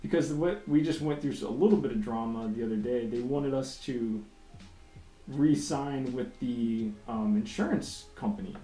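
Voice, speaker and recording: A man of middle pitch talks in a loose, rambling way, casual and profane, laughing at his own stories. His tone is mellow and unhurried. The room is echoey, with faint music playing behind him. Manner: laid-back, rambling, profane, laughs often. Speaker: comic artist livestreaming while drawing. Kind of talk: casual chat.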